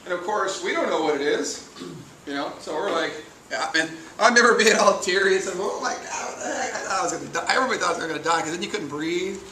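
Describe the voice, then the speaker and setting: A male firefighter teaches a classroom, chatty and anecdotal, checking in with the class. His voice is bright and a touch high. It is captured from across an echoey room, with faint noise under it. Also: quick pace, distant mic. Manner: casual, chatty, tells anecdotes, asks the class questions. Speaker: firefighter instructor. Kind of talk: classroom training lecture. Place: training classroom.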